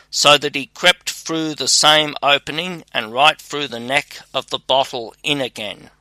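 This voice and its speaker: A man reading a fairy tale aloud in measured, unhurried narration. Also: medium pitch, bright, forceful tone, no echo. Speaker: audiobook reader. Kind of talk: scripted narration.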